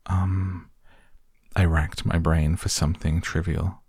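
A man narrating a story in a measured, even way, reading an audiobook. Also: sits low, breathy edge, no echo, clean studio sound.

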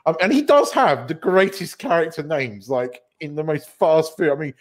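A man's voice: on the high side, animated, normal speed. A man hosting a casual film podcast, rambling and correcting himself, with the odd swear word. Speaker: podcast host.

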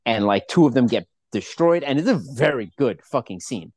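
A man's voice: medium pitch, animated, moderate pace, darkish tone, no room sound. Casual male podcast co-host, mid voice, rambly and profane, dry close sound. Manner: rambling, swears a lot, many restarts. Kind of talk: casual chat.

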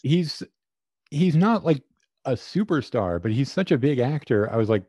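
A man hosting a casual podcast chat, thinking out loud in a conversational way. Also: mid-range voice, sing-song, moderate pace, dry recording.

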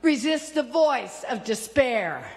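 A woman preaching a fiery sermon, shouting at peaks and dropping low between them. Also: big pitch swings, slow pace. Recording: long hall reverb.

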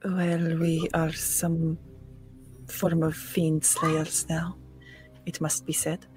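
A woman playing a tabletop game, measured and questioning. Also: deep voice, level tone, a little mellow, soft background music. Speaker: player. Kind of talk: casual tabletop play.

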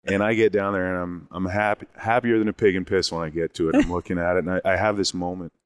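A man casually telling a long story in an animated, rambling way, often restarting his sentences. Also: sits low, fast, clear, resonant tone, no echo, studio quality. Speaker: guest telling a hunting story.

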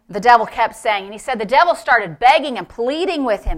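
A woman pastor preaching a sermon, emphatic and building to shouts, calling out to the congregation for responses. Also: fairly high pitch, animated, fairly quick, few pauses.

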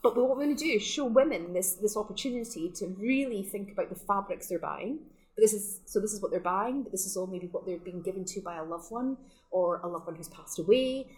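In a low-quality recording, a woman speaks at medium pitch with a brisk, animated delivery and a darkish tone. She's the owner of a sustainable fashion shop, giving a relaxed, laugh-filled, enthusiastic interview at her store in the Scottish Highlands.

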